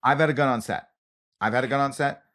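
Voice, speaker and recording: A man co-hosting a comedy podcast in casual chat, an animated storyteller who repeats phrases for emphasis. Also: medium pitch, quick pace. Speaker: podcast co-host, comedian and actor.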